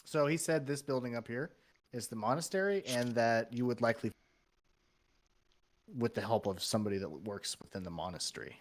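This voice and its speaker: A man narrating as game master of a tabletop game, halting with many fillers. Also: medium pitch.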